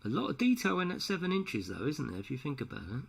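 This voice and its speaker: A man's voice: mid-range voice, huge pitch swings, fast talker, creaky, slightly rough. A man streaming live from home as he paints a model, talking casually and joking often with his viewers. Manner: chatty, jokey, laughs often. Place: home room at night. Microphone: headset.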